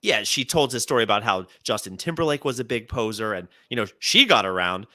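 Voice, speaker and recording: Lively, bright-voiced man telling comic stories. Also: fairly low pitch, brisk, dry recording, studio quality. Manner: animated storyteller, acts out quotes. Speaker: podcast co-host. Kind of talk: casual comedic chat.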